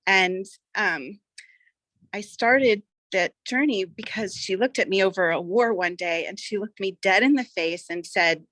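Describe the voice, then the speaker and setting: A woman's voice: mid-range voice, measured pace, fairly bright tone, no echo. A woman, a mother and farmer, sharing a personal story in an earnest, rambling way, often restarting her sentences. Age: adult, mother of schoolchildren. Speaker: farmer, coaching student. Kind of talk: casual personal testimonial.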